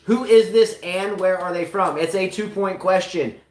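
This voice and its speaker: A man's voice: high-pitched, moderate pace, reverberant. A man hosting a live-stream tennis quiz in a casual, joking way, often repeating himself in a hurry.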